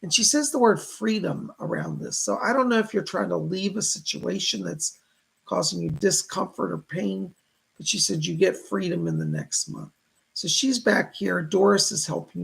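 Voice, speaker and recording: A man hosts live psychic readings, reading out viewers' messages and passing on what the spirits tell him. His voice is heavily gravelly and rough with rasp. His pitch swings widely as he talks. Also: low-quality recording. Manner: reads viewer messages aloud and relays spirit messages. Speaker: psychic reader, show host.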